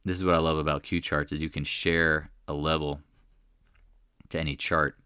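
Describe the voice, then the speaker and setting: A man's voice: rumbling low, little pitch movement, normal speed, pushed and bright, smooth, no echo, clean studio sound. A man hosting a live market chat, talking casually and emphatically, repeating his points and rambling between thoughts. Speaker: stock market livestream host.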